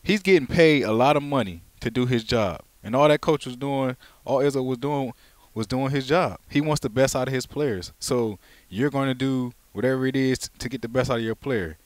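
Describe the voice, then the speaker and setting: A man's voice: medium pitch, a little fast, dry recording. Emphatic man making his point. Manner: emphatic, repeats himself while making a point. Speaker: podcast co-host. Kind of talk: casual sports talk.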